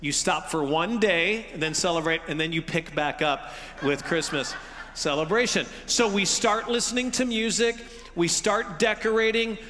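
A man's voice: high-pitched, normal speed, bright, forceful tone. A middle-aged male pastor preaching a sermon in a conversational, humorous way, acting out the reactions of his listeners. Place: church sanctuary. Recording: long reverb of a large hall.

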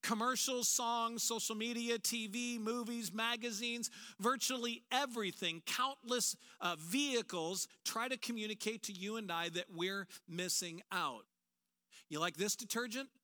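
A man with a high, bright voice preaches a sermon to a large church auditorium. He talks in an animated way and slips into quoted voices. His tone stays sharp and forward. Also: measured pace, hardly any pauses. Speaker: pastor.

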